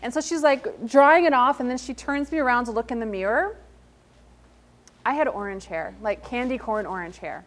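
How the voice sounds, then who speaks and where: A woman's voice: on the high side, moderate pace. A woman giving a motivational talk to a live audience at an event, telling stories and acting out the quoted lines as she goes. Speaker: invited speaker at an entrepreneurship event. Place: event hall in front of an audience.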